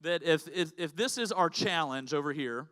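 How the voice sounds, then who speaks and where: A middle-aged male pastor preaching, telling a personal story with lively acted quotes and sound effects in a church auditorium. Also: on the high side, normal speed.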